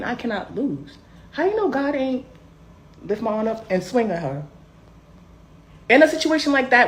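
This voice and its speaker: Animated sassy woman telling a story. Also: mid-range voice. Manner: animated, sassy, emphatic swings. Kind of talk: casual storytime.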